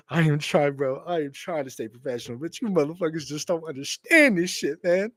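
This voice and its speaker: A man hosting his own live stream, reacting with loud excitement and a lot of swearing, repeating himself and calling the audience bro and homie. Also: on the high side, brisk, few pauses, dry recording. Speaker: streamer hosting a draft watch party.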